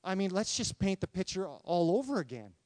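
A man preaching a sermon, reading scripture and asking the congregation questions in an animated, conversational way. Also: high-pitched, fairly quick, no echo. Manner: animated, talks to congregation with questions, acts out quotes. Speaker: pastor.

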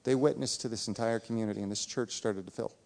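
A man's voice: lowish voice, fairly even intonation, fast, gravelly, darkish tone. A man preaching a sermon as a pastor, earnest and emphatic, repeating his points for weight. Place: church sanctuary. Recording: reverberant church hall.

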